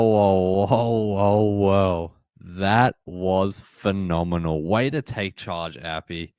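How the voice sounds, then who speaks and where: Deep-voiced guy doing live footy reactions, gets hyped and emotional, smooth dry sound. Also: dry recording. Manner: excitable, emotional, yells at big plays. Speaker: live stream host. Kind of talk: live match reaction commentary.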